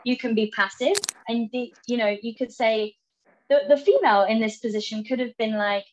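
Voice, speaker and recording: A woman from England, a podcast guest, talking things through in halting bursts with repeated words. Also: fairly high pitch, lo-fi sound. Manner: halting, repeats words, acts out quoted lines. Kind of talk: reflective conversational interview.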